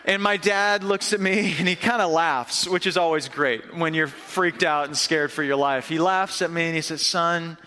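A young man from upstate New York giving a sermon, telling a story in a lively, conversational way. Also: a little high, moderate pace, hardly any pauses, long reverb tail. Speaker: pastor. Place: church hall.

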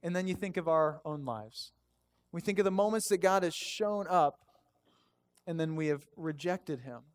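A man pastor giving a conversational, animated sermon and reading scripture aloud. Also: a little high, moderate pace.

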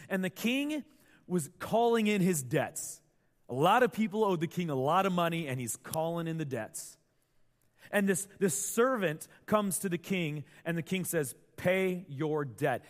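A man preaching a sermon, telling a Bible story with animated delivery and acted-out quotes. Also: fairly high pitch, big-room sound. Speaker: pastor.

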